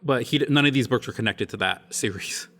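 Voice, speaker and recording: A man's voice: mid-range voice, brisk, fairly bright tone. A man hosting a book podcast, chatting casually and laughing often. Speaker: podcast host.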